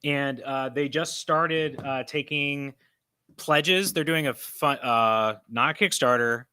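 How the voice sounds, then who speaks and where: A man's voice: mid-range voice, takes it slowly, bright, forceful tone, smooth, no echo. A man hosting a casual live-stream chat in a comic book store, rambling and correcting himself, with a slightly froggy voice. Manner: rambling, self-correcting, laughs often. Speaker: host.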